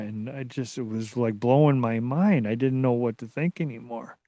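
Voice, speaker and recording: A man being interviewed as a researcher, telling a story in a casual, excitable way that rambles and restarts. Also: medium pitch, normal speed, hardly any pauses, no room sound, clean studio sound. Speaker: guest, Bigfoot researcher.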